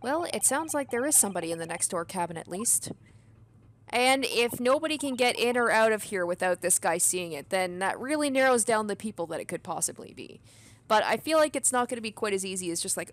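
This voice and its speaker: A woman's voice: medium pitch, animated, brisk. A woman giving chatty, amused commentary while playing a game. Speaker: let's play host.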